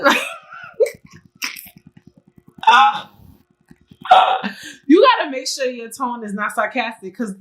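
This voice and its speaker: Young woman podcast host, bright voice, blunt slangy and laughy. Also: fairly high pitch, sing-song, a little slow, long pauses, rough recording. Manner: candid, slangy, laughs often. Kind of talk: casual solo podcast monologue.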